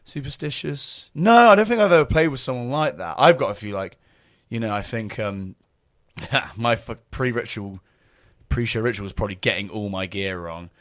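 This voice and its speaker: A young man talks in a relaxed, self-mocking way, tossing in loose fillers as he goes. His voice sits low. The sound is close and dry, with no room around it. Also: moderate pace, no echo. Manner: laid-back, self-mocking, lots of fillers. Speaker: podcast guest, bassist. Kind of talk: casual podcast chat.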